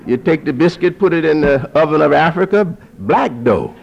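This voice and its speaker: Animated man preaching, repeating himself. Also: on the high side, moderate pace, vocal fry, some chatter behind, slight background noise. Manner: repeats phrases for emphasis; lively, rising to forceful peaks. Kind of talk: preaching to an audience. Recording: dull lo-fi recording.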